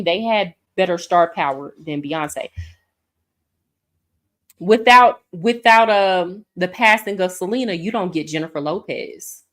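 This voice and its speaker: Woman host just chatting away, giving her take on things. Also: medium pitch. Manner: chatty, opinionated. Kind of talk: commentary on a show.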